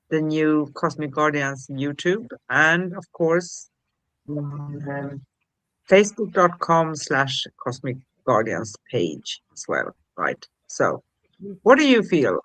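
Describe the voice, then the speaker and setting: A woman co-hosting a spiritual livestream, talking gently and reading affirmations in a soothing way. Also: deep voice, dry recording, rough recording. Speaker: co-host.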